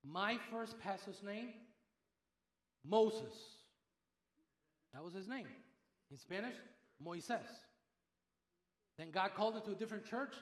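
A man's voice: high voice, takes it slowly, long pauses, reverberant. An older man preaching a sermon as pastor, telling stories and acting out the voices of the people he quotes. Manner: animated storyteller, acts out quoted voices.

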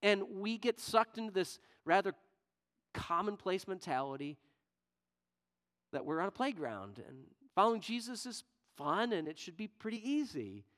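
A male pastor preaching a sermon in church, shifting from loud, emphatic questions to quiet, low asides. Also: sing-song, moderate pace. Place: church sanctuary.

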